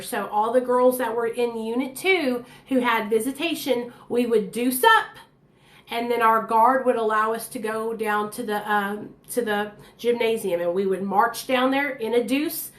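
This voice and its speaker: A woman's voice: fairly high pitch, fairly even intonation, a little slow, fairly bright tone. Candid woman telling her story, echoey room. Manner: candid, blunt and chatty, addresses viewers directly. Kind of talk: casual storytelling to camera.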